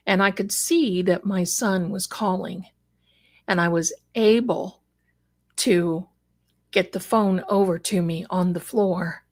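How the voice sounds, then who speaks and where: A middle-aged woman telling a personal story on a live stream, acting out the voices of the people in it with emotion. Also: mid-range voice. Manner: emotional, acts out quoted voices. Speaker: psychic guest telling her story.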